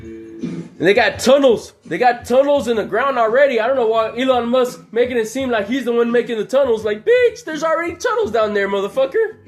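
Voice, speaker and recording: Мужчина с очень высоким голосом. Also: male voice, very high voice, brisk, soft background music. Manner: profane, rambling, laughs often. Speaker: channel host. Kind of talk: casual storytelling.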